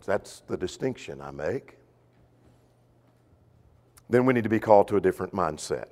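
A man preaching a sermon, emphatic, swinging between loud stressed points and soft drawn-out phrases. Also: medium pitch, animated, long reverb tail.

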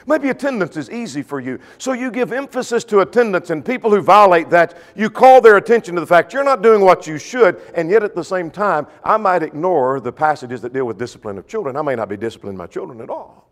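A man preaching a sermon, emphatic, swinging between loud stressed points and soft drawn-out phrases. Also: high voice, lively intonation, long reverb tail.

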